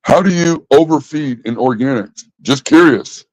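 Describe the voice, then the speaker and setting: A man's voice: medium pitch, normal speed, no echo, poor audio. A man ranting casually in an exasperated, profane way, repeating himself. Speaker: vlogger. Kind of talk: casual rant.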